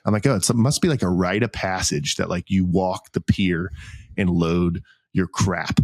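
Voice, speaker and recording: A man co-hosting a podcast, telling a long self-mocking anecdote in a casual, animated way, acting out what people said. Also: low-pitched, fairly quick, dry recording, clean studio sound. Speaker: podcast co-host. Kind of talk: casual storytelling chat.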